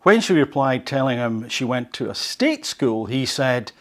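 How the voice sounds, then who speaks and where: A man's voice: medium pitch, big pitch swings, a little slow, hardly any pauses, fairly bright tone. Man musing aloud over an article. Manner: conversational, asks rhetorical questions. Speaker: host of a language learning podcast. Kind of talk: reading and commenting on an article.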